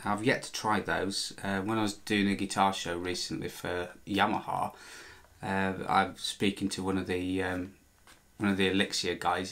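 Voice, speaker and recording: A man with a lowish voice chats away while he works on a guitar. He rambles, backtracks and corrects himself mid-sentence, and drops in dry asides. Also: a bit bright. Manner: chatty, meandering, self-correcting, dry joking. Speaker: vlogger restoring a guitar. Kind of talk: casual talk while working.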